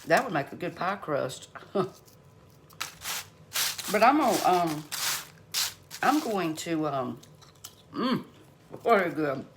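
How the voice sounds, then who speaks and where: A woman's voice: lowish voice, very animated, slow pace, pauses often. A middle-aged woman hosting a home cooking channel, chatting folksily to her viewers as she cooks in her kitchen. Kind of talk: casual cooking vlog chat. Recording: noisy home recording.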